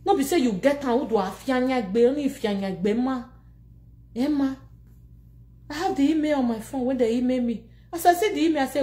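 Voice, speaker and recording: Animated Nigerian Pidgin-speaking woman, echoey room. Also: high-pitched, a little fast. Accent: Nigerian Pidgin English. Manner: animated, laughing, scolding and mocking, switching languages. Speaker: social media personality. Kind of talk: animated casual rant to camera.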